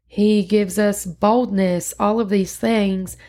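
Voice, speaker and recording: A woman's voice: mid-range voice, steady tone, takes it slowly, dark tone. A woman podcast host recapping a church sermon in casual, earnest chat, with frequent fillers and restarts.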